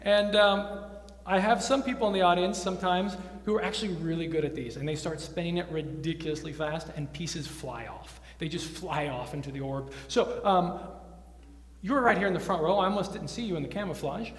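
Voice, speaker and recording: A man's voice: sits high, a little fast. A man performing as a stage magician, teasing his volunteers with playful patter before a live audience. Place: large roomy hall before a live audience. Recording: echoey hall recording with faint music.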